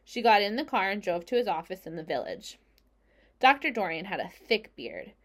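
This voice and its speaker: A woman reading a children's novel aloud with expressive, clear storytelling. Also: mid-range voice, normal speed. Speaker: audiobook narrator.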